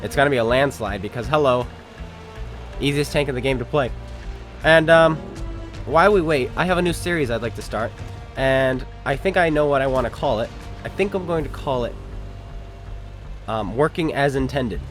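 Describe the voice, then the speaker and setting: Over faint background music, this man's mid-range, fairly bright voice moves at a normal speed, broken by long pauses. He's a gaming commentator cracking sarcastic jokes through a tank match, speaking casually to opponents and his audience while he plays.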